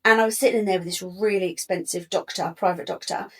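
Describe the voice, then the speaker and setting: A woman's voice: lowish voice, quick pace. A woman, a guest telling her own life story candidly and acting out what others said. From England. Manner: animated, acts out other people's lines.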